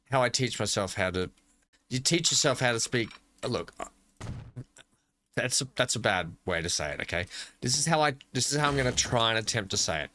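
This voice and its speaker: An Australian gaming channel host gives casual gameplay commentary, chatty and jokey, talking to himself as he plays. His voice is medium-pitched, bright and forceful.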